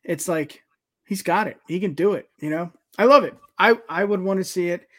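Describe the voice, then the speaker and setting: A man with a somewhat high voice co-hosting a wrestling podcast. He keeps the chat upbeat and casual, with hype-man flourishes between his opinions. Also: moderate pace. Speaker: podcast co-host.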